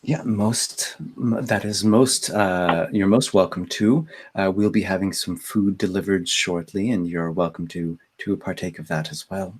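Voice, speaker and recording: Guy doing a polite persuasive madam, kinda low voice, tabletop game. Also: steady tone, measured pace, hardly any pauses, slight background noise. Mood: welcoming. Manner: smooth, courteous, persuasive host talk. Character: gracious female madam of a house.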